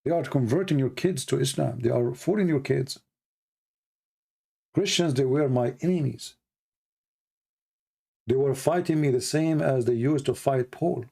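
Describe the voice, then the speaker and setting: A man hosts a livestream in a gravelly, dark voice, his non-native English full of broken grammar. He talks emphatically, peppers his lines with "you know," and pushes higher and hotter when he turns on his critics. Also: unhurried, pauses often. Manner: emphatic, grows heated and high-pitched when mocking critics; frequent "you know" and repeated words. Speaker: livestream host. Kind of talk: casual spoken monologue.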